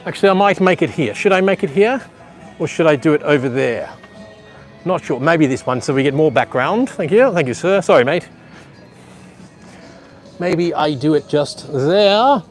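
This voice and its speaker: A man's voice: on the high side, expressive, moderate pace, pauses often, soft background music. A man, giving rambling live walking-tour commentary at a beach resort and talking to viewers at home. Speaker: livestream vlogger. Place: outdoor beach resort pool area. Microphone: handheld phone camera.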